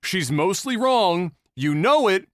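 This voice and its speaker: Male podcast host, lively swearing banter, dry studio sound. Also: sits high, slow, no room sound. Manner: animated, swears freely, breaks into shouted bits. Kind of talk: casual podcast chat.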